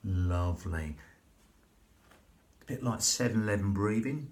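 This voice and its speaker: A man leading a slow, soothing, repetitive breathing and relaxation class as a yoga instructor. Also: lowish voice, darkish tone.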